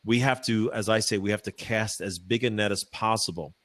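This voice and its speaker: A man, a professional speaker, answering interview questions in a chatty, animated way with many fillers and restarts, using a practiced voice dropped low from the diaphragm. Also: brisk, noisy background. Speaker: professional speaker, podcast guest. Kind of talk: casual interview answers, storytelling. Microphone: microphone.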